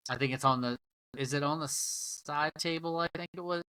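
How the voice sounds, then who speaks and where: A man's voice: fairly high pitch, moderate pace, sharp tone, clear, resonant tone, low-quality recording. A man co-hosting a podcast, casually and agreeably retelling the plot of a TV episode. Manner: laid-back, agreeable, swearing in passing. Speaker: podcast co-host. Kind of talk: casual chat recapping a TV episode.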